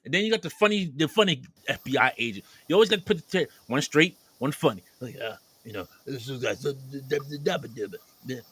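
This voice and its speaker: A man's voice: medium pitch, lively intonation, fairly quick, a bit bright. A man casually retelling a movie plot as a podcast co-host, acting out the characters' lines as he goes.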